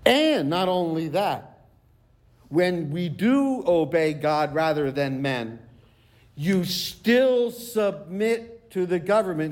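A high-pitched male pastor delivers a sermon. He reads long scripture passages, slowing down to stress key phrases. His voice sits well above most men's. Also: lively intonation, darkish tone. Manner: preaching, quotes scripture at length with slow emphatic phrases.

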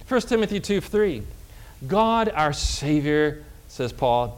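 Male pastor, sermon teaching; high voice that swoops up and down, reads scripture deliberately, quizzes the room. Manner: animated, asks the congregation questions and answers himself. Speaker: Lutheran pastor.

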